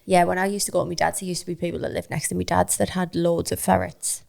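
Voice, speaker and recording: A woman, co-hosting a casual podcast with teasing, quick banter and laughter. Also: lowish voice, flat delivery, gravelly, darkish tone. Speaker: podcast co-host. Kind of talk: casual chat.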